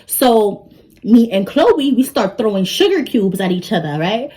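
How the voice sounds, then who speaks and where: Animated young woman telling a story. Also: medium pitch, measured pace, rough recording. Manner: animated, talks straight to the audience. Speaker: vlogger. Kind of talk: storytime vlog.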